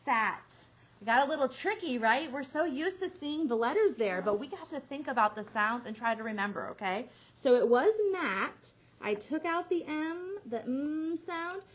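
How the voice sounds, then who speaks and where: A woman teaching a small phonics group, stretching out each sound slowly and praising the children often. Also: sits high, expressive. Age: adult. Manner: slow, drawn-out sounding out of words with encouraging praise. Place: classroom. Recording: dull lo-fi classroom recording with faint noise.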